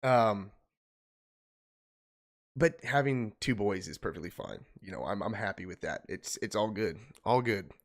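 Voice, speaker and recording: A young man streaming from home, telling an emotional personal story in a halting way, holding back tears. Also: fairly low pitch, animated. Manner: halting, restarting, choked up.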